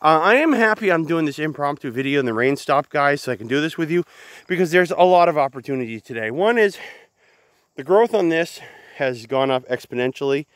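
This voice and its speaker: A man's voice: a little high, lively intonation, brisk, dry recording. A man giving a casual, chatty walk-through of his garden outdoors, often calling the viewers guys. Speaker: gardening vlogger.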